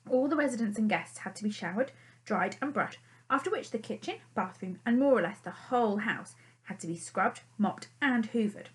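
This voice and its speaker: A woman narrating a children's storybook chapter in an expressive, animated storytelling manner. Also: mid-range voice, poor audio. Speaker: audiobook narrator.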